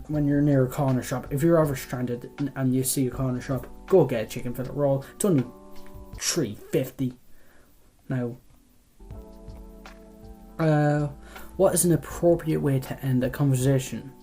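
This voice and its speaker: A young man from Ireland, a vlogger, chats casually through a quiz, rambling and swearing freely and trailing off mid-thought. His medium-pitched voice is warm with fairly even intonation, unhurried and full of long pauses. Faint music plays behind him.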